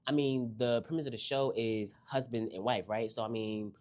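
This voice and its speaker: A young woman casually recapping a reality TV episode, sassy and animated, swooping up high for emphasis. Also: normal speed.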